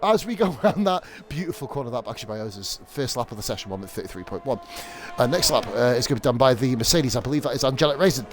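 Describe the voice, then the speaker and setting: A man's voice: medium pitch, animated, very fast. A young adult man from the UK, commentating a sim racing league on a live stream in a sweary, rambling, jokey way.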